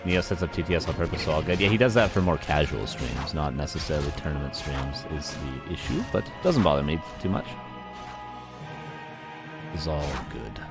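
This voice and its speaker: This esports caster does live play-by-play for a strategy game match, his rumbling low voice expressive and moderately paced. He's chatty, talks to his chat, and laughs at himself while game music and sound effects play behind him.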